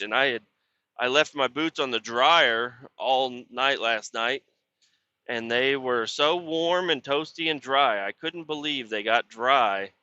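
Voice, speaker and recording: Man, truck driver, very bright edgy voice, casual rambling monologue, profane and grumbling, dull lo-fi recording, dry close sound. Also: medium pitch, dry recording. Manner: profane, grumbling and frustrated, with many fillers. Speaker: truck driver hauling water; podcast host.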